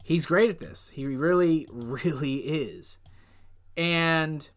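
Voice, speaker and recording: A young man hosting a casual countdown, talking loosely and rambling, with drawn-out pauses and muttered asides. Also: fairly high pitch. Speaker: host.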